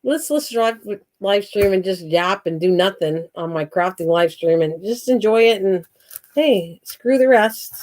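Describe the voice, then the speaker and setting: A woman's voice: medium pitch, lively intonation, measured pace, a little mellow. A woman hosting a crafting live stream, chatting casually and teasing, laughing often.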